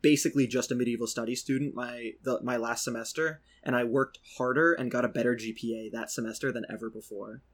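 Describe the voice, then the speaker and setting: A man's voice: mid-range voice, fast, few pauses. A young American man co-hosting a podcast, telling stories casually and then explaining ideas in a steadier lecturing way. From United States. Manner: relaxed storytelling, many restarts, slips into lecture mode. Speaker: podcast co-host.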